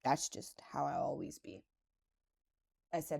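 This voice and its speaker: Female podcast host, low warm voice, candid confessional storyteller, casual and chatty. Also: expressive, unhurried, creaky, husky. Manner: casual and conversational, with frequent "like" and "right". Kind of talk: personal reflective monologue.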